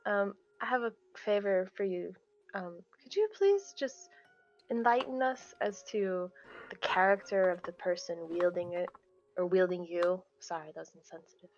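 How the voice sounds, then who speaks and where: A woman's voice: medium pitch, animated, normal speed, lo-fi sound, soft background music. A woman playing in a tabletop game, talking in a hesitant, apologetic way with lots of fillers. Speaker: player. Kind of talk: casual tabletop role-play.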